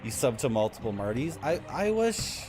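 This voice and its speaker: A man's voice: medium pitch, sing-song, normal speed. A man streaming a video game, casually commenting and joking with his chat. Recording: game music behind voice.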